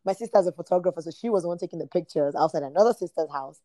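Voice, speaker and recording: Female host, casual, warm low voice, dry close sound. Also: rapid-fire, dry recording. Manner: chimes in with short affirmations. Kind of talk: casual chat.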